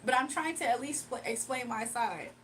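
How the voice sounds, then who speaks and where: High-voiced woman chatting on her stream, lots of laughing, kinda far from the mic, faint hiss behind. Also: normal speed. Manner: animated, laughs often, talks to chat. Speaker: livestream host. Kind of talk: casual livestream chat. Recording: distant mic with faint background noise.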